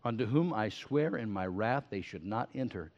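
A man intoning scripture as a stern, sorrowful divine speaker, in a slow, weighty cadence. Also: lowish voice, expressive, darkish tone. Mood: solemn. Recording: slightly muffled sermon recording.

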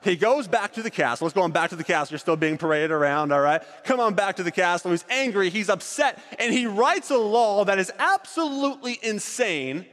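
A man's voice: high-pitched, lively intonation, brisk, few pauses, fairly bright tone, in a large hall. A man leading a group through an acted-out Bible story, directing volunteers on stage as he narrates.

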